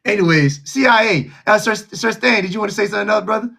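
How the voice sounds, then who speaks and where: A man hosting a live call-in show, mocking and loud, laughing between trash talk. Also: high-pitched, quick pace, vocal fry.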